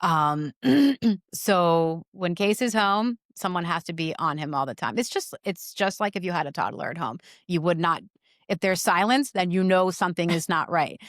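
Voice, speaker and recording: A woman in her forties, a mother talking earnestly in an interview, in quick bursts with many restarts. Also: on the low side, no room sound, studio quality. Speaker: guest, mother. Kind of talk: conversational interview.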